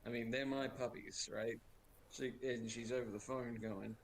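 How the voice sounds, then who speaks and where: A man chatting on a stream, rambling and crude and quick to laugh. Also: mid-range voice, fairly even intonation, slight background noise. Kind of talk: casual chat.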